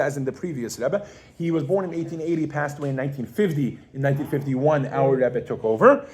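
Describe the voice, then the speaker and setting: A man teaching a Yiddish class in a classroom, lively and quizzing his students as he reads and explains phrases. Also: fairly high pitch. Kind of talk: classroom lesson.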